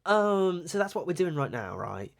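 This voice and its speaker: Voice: medium pitch, sing-song, moderate pace, gravelly. A young adult art streamer chatting casually on a livestream, rambling, giggling often and swearing offhand.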